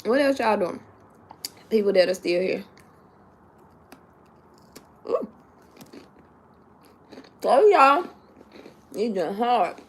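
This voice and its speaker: A woman hosting a casual livestream, chatty and excitable, greeting viewers by name and repeating herself, a little sleepy. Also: medium pitch, drawn-out words, pauses often, breathy edge. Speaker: livestream host.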